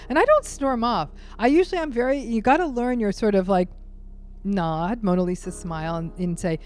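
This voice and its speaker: A woman guest expert explaining narcissism in an interview, speaking emphatically and acting out quick quoted asides. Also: on the low side, big pitch swings, darkish tone, soft background music. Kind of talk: interview conversation.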